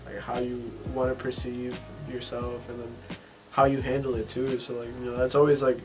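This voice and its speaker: A man chatting on a podcast, mid-pitched and loose, rambling from one story to the next with constant fillers and casual swearing. Faint music plays underneath. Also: completely flat delivery, normal speed, low-quality recording. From family ties to Texas. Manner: rambling, profane, many fillers. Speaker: podcast host. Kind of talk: casual chat.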